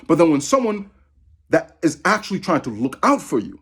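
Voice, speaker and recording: A man's voice: on the high side, very animated, normal speed, a bit bright, husky. A man in his thirties from Massachusetts, ranting angrily to camera, profane and repetitive. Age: 30s. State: angry. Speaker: vlogger. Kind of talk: angry rant to camera.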